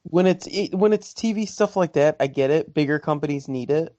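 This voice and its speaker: A man's voice: a little high, fairly quick, warm tone, dry recording. A man co-hosting a podcast in casual chat, giving strong, enthusiastic opinions. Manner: emphatic, enthusiastic opinions with swearing. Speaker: podcast co-host. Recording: dry, dull lo-fi sound.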